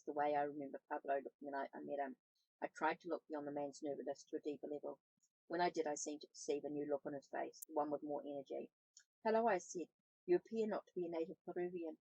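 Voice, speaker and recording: A woman reads a first-person novel aloud, with small slips that she corrects as she goes. Her voice is husky, with a gravelly edge. The recording is dry and close to the mic. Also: low-pitched, dark tone, no echo, highs cut off. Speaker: audiobook reader, tarot channel host.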